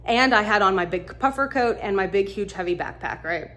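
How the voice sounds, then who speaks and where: Animated woman telling a funny story. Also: medium pitch, fairly quick. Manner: animated, laughing, acts out quotes. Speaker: vlogger. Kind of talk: casual storytelling.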